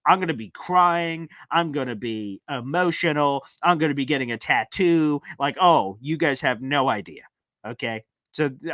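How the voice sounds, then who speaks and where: A young man hosting a live sports fan call-in show, talking in an excitable, rambling and emphatic way. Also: a little high, dry recording. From northeastern United States.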